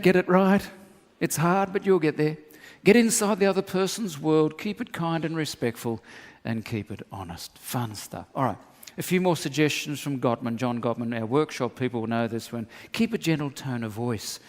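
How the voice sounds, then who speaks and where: Humorous pastor, echoing hall. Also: male voice, on the high side, moderate pace. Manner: humorous, acts out dialogue, laughs often. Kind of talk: sermon. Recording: long hall reverb.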